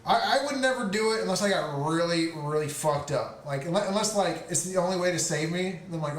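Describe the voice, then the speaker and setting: Male podcast co-host, high voice, rambling and stammering, casual swearing, echoey room with faint noise. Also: a little fast, hardly any pauses. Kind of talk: casual chat. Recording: roomy, distant mic, faint noise.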